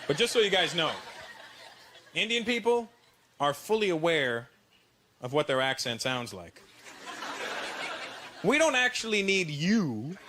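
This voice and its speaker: A Canadian-accented man doing stand-up with a brash, animated, mock-confidential delivery. His voice runs high for a man, heard over loud, noisy live-stage sound. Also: unhurried, pauses often. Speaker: stand-up comedian. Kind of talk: stand-up comedy routine. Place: stage before a live audience.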